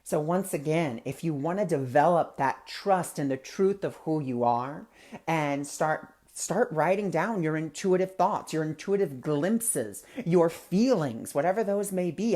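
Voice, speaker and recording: A man's voice: on the high side, a little mellow. Chatty man hosting a spiritual talk. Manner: chatty, anecdotal, conversational. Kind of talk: casual spiritual teaching talk.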